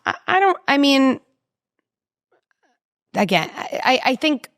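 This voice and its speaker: Parenting expert lady talking, lots of pitch swings, dry close sound. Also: slow, no echo. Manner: animated, explains with vivid examples and acted quotes. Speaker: parenting psychologist guest. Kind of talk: conversational interview.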